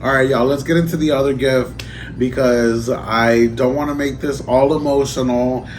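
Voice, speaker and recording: A man in a casual unboxing vlog who talks in an emotional, halting way, choking up and trailing off. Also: mid-range voice, fairly even intonation, slight background noise. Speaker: vlogger. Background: music.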